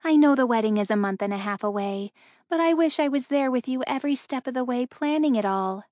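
A woman's voice: high-pitched, animated, a little fast, darkish tone, no echo, studio quality, pitched above the performer's own voice. A woman voicing a caring middle-aged mother who speaks tenderly and reassuringly in an audiobook reading.

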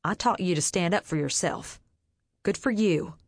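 A woman voicing a stern, sharp-tongued mother who scolds her grown daughter. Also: on the low side, normal speed, no echo, clean studio sound. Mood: scolding.

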